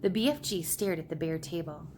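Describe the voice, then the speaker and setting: A woman reading a children's storybook aloud with steady, plain narration. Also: sits low, a little fast, a little hiss or hum. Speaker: reader.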